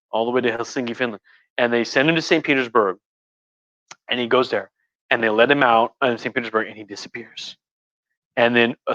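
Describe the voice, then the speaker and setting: Man, tipsy, rambling and profane, forceful bright voice, lo-fi livestream audio. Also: medium pitch, dry recording. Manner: rambling, profane, animated storytelling. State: tipsy from wine. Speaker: host. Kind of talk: tipsy livestream history talk.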